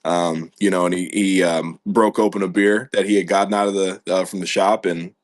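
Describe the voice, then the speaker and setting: Male American podcast host, very deep, dry close sound, loose rambling chat with frequent laughs. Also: flat delivery, moderate pace, no echo. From United States. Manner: rambling, laughs often, restarts sentences.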